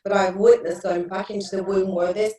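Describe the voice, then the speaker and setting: A woman's voice: mid-range voice, flat delivery, brisk, dark tone. A middle-aged woman, a therapist telling stories earnestly in a casual interview, with many restarts. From England. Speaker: guest therapist. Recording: echoey room, distant mic.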